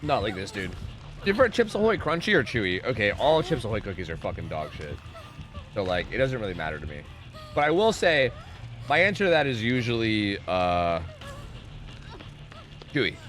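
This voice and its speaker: A man streaming a game live and chatting with viewers, excitable and profane, swinging between loud pleading and low mumbling. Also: moderate pace, long pauses, soft background music. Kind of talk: live gaming commentary with chat.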